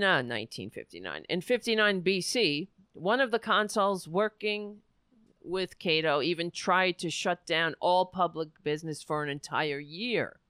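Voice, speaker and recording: A woman hosting a live talk show, rambling emotionally and close to tears, often trailing off into quiet murmurs. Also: on the low side, clean tone, no room sound. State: near tears. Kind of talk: casual on-air monologue.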